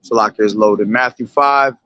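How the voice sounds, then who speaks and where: A man street preaching, reading scripture verses slowly and explaining them, checking in with repeated "okay?" and "all right?". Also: on the low side, bright, forceful tone, no echo, highs cut off.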